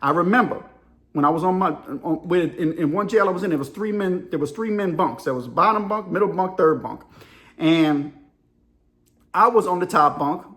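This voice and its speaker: A man's voice: high voice, moderate pace, fairly bright tone. A middle-aged man telling a story in a casual monologue, acting out voices and sound effects and laughing often. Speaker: storyteller and channel host.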